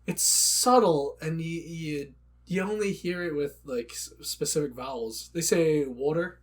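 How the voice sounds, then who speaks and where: A man's voice: fairly high pitch, a little slow. A man co-hosting a casual gaming podcast, joking crudely and rambling through his points. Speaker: podcast co-host. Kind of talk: casual chat.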